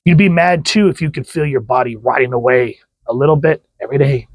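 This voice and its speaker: A man's voice: medium pitch, fairly quick, dry recording, lightly acted, poor audio. A man voicing a bitter undead young bride, read aloud from a comic. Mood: aggrieved.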